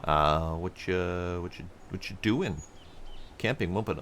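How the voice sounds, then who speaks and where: Wry gamer muttering through play. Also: male voice, sits low, normal speed, a little hiss or hum. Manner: wry, muttering to himself, talks to the game. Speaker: game streamer. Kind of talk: casual game commentary. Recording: faint game music behind.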